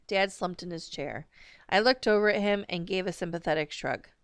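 A woman reads a novel aloud, her voice smooth and resonant. She narrates steadily and measuredly. The recording is dry and close. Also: on the low side, moderate pace, dry recording. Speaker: audiobook reader.

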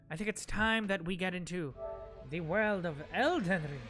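A man's voice: high-pitched, expressive, normal speed, a bit bright. A man live-streaming a game, talking casually and directly to his chat viewers, rambling with many fillers and restarts while game music plays.

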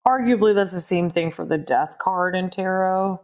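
A woman co-hosting a podcast, chatting casually about a TV show in an animated, often exasperated way and laughing often. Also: fairly low pitch, normal speed. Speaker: podcast co-host.

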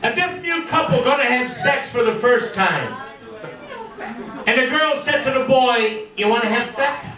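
A man's voice: extremely high pitch, lively intonation, a little slow, roomy sound, far from the mic, a crowd in the background, low-quality recording. A man telling a long joke, acting out a couple's dialogue.

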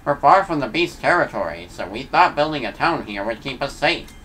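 A man's voice: mid-range voice, expressive, brisk, fairly bright tone, a little hiss or hum, natural voice, low-quality recording. A man reading aloud the lines of a small, friendly Waddle Dee townsperson from a game. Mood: earnest.

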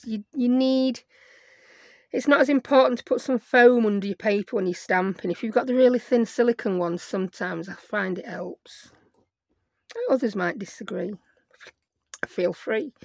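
Croaky woman crafting. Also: fairly high pitch, dry recording. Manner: chatty, thinks aloud while she works. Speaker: craft video host. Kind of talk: chatty crafting tutorial. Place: home craft desk.

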